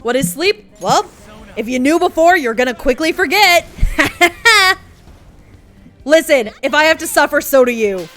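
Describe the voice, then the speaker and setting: A woman livestreams a game and chats casually, rambling with sarcastic, profane asides. Her voice sits high. Faint game music plays behind her. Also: animated, unhurried, pauses often, a bit bright. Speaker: game streamer. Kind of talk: casual gameplay commentary.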